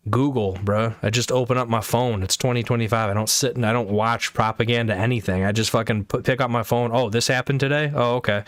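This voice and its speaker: A man's voice: medium pitch, dry recording, clean studio sound. A man streaming live, chatting casually in a rambling, profane way full of fillers and restarts. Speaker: livestreamer. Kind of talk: casual chat.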